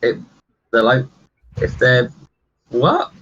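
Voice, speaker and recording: A man acting as game master, narrating a tabletop game in a halting way with many fillers. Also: mid-range voice, big pitch swings, fairly bright tone. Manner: hesitant, filler-heavy narration. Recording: dull lo-fi recording.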